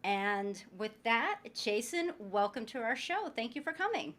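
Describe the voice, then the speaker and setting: A woman's voice: on the high side, sing-song, unhurried, a bit bright. A woman hosting a podcast interview, chatty and upbeat, introducing her guest with light jokes. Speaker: podcast host.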